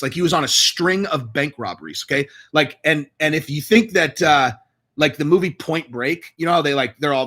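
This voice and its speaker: A man's voice: mid-range voice, a bit bright. A man hosting a fight watch-along, telling a long story in a profane, rambling way. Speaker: host.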